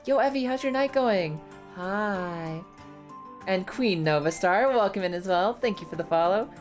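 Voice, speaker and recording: Young female streamer, hyper and foul-mouthed, very animated delivery, soft music under her. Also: medium pitch, a little slow. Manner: excitable, swears a lot, frequent squealing laughs. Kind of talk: casual live-stream chat while playing a game.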